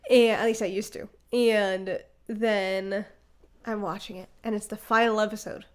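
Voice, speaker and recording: A young woman co-hosting a casual podcast chat, telling stories with lively acted-out reactions. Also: mid-range voice, unhurried. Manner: animated storyteller, acts out her own reactions. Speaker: podcast co-host.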